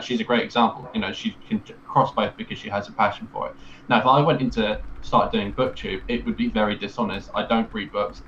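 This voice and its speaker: A man's voice: lowish voice, lo-fi sound, a little hiss or hum. A man, a guest on a podcast, chatting casually with laughing, stammering restarts.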